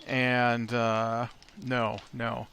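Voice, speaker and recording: A man's voice: mid-range voice, completely flat delivery, extremely slow, a bit bright, a little hiss or hum. A man hosting a let's play, telling a rambling story between remarks on the game. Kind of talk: casual gameplay commentary.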